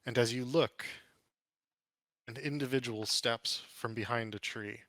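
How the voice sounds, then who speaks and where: A man's voice: medium pitch, fairly even intonation, sharp tone, dry recording. Man narrating as game master. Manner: dramatic, drawn-out descriptions.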